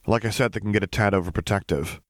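A man voicing Luke, an earnest, flustered teenage boy who looks after a group of clones, with a hurried, protective manner. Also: fairly low pitch, no room sound, clean studio sound, natural voice. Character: earnest teen male clone caretaker, flustered.

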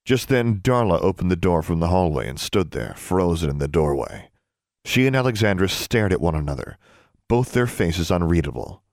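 A man narrating an audiobook in an expressive storytelling manner. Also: low voice, normal speed, no room sound, studio quality.

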